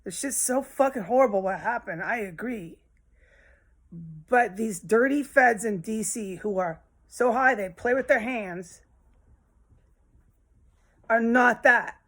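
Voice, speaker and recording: A woman's voice: on the high side, slow pace, long pauses, fairly bright tone. A woman ranting in a rambling monologue, agitated and profane, often restarting her sentences. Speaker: social media commentator.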